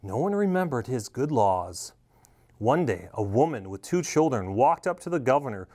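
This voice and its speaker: A man reading a children's story aloud, animated and expressive. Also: mid-range voice, moderate pace.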